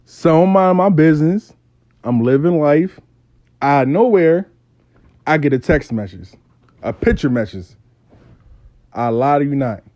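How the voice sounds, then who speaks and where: A man in casual comedic storytelling, slangy and animated, telling a story as a spiritual worker. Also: on the high side, a little slow, long pauses, lo-fi sound. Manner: slangy, animated retelling, acting out both sides.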